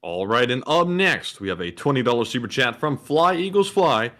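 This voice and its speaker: A man's voice: mid-range voice, big pitch swings, normal speed, a bit bright. A man co-hosting a casual livestream, making dry, laid-back quips. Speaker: co-host.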